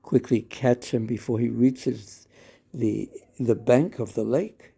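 A man's voice: mid-range voice, steady tone, slow pace, vocal fry, warm tone, breathy edge, heavily acted. A man voicing a small, playful boy god who pleads and insists on getting what he wants. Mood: insistent.

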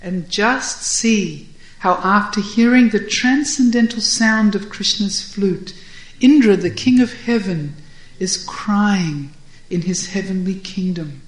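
A woman voicing a calm young male cowherd who explains and gently corrects his friends. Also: mid-range voice, slow pace, roomy sound, natural voice, poor audio.

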